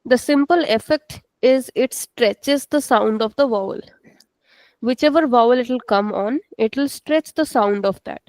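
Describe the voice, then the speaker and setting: A woman's voice: a little high, darkish tone, dry recording, rough recording. Patient woman teaching an online class. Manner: slow, patient, repeats words for students. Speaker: Portuguese language teacher. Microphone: video call.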